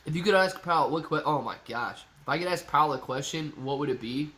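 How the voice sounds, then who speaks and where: A man's voice: on the high side, fast talker, fairly bright tone. A man hosting a live stream, chatting casually and reading viewer comments aloud, his voice stuffy and congested from a cold. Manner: reads chat comments aloud, joking and chatty. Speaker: livestream host.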